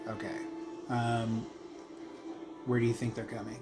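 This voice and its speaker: A man running a tabletop game as game master, narrating the scene and answering players with a relaxed, hesitant manner. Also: mid-range voice, a little slow, loud music behind the voice. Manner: easygoing, hesitant with ums.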